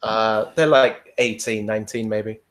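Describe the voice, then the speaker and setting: A man's voice: on the low side, steady tone, unhurried. A man in casual podcast chat, telling a long rambling story, swearing freely and laughing often. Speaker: podcast guest.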